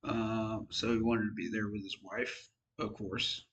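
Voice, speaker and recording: A man's voice: lowish voice, level tone, unhurried, a bit bright, rough recording. A tired man giving casual, frank football commentary on his own channel, rambling and poking fun at himself. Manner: rambling, frank, self-deprecating. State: tired, yawning. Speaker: sports fan vlogger.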